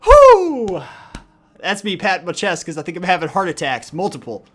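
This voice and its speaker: A young man giving crude, joking commentary over a card video game, swinging from low mutters to loud cheering. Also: animated, fast, faint music behind. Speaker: gaming YouTuber. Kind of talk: profane gameplay commentary.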